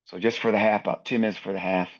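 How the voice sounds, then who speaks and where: A man's voice: on the low side, steady tone, racing, highs cut off. A man in his sixties, a basketball referee, telling anecdotes in a podcast interview and acting out other people's lines.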